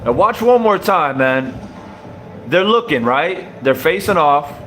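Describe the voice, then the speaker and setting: A young man with a fairly high, lively voice talks slowly through a boxing clip. He laughs often and swears freely, and he keeps calling his viewers bro as he reacts in disbelief. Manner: laughing, incredulous, profane, addresses viewers as bro. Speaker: boxing commentator. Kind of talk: casual reaction commentary.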